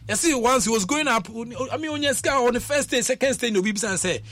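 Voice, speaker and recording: A man speaks on a radio talk show, with a high voice that swoops widely as he pushes his points. He talks fast and keeps coming back to the same lead-in phrases. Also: expressive, a bit bright. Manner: emphatic, repeats "what I say". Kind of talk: animated radio discussion.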